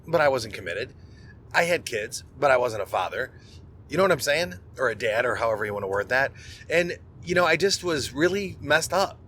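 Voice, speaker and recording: A man's voice: mid-range voice, a bit bright, slight background noise. A middle-aged man, a podcast host, telling a personal story in a candid, conversational monologue and often restarting words.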